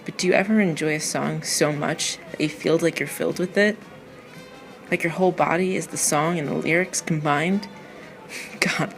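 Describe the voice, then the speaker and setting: A woman reading a personal narrative essay aloud in a wry, excitable storytelling manner. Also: low-pitched, creaky, rough recording.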